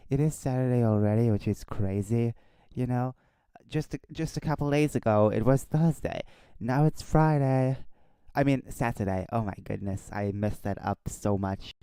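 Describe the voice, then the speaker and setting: Casual male streamer, smooth, dry close-mic sound, rambling and self-correcting. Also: medium pitch, warm tone, no echo. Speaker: live-stream host. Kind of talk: casual live-stream chat and news reading. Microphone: desk microphone.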